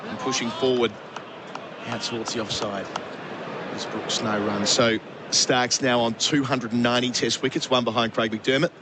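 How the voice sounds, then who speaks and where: A man doing ball-by-ball radio cricket commentary, brisk, lifting his voice to call each delivery. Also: mid-range voice, steady tone, crowd noise.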